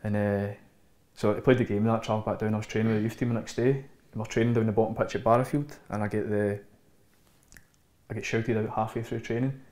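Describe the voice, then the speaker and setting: Fast-talking Scottish man telling stories. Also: on the low side. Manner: animated anecdotes, acts out quotes. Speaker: guest, former footballer. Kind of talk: casual storytelling chat. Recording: roomy echo.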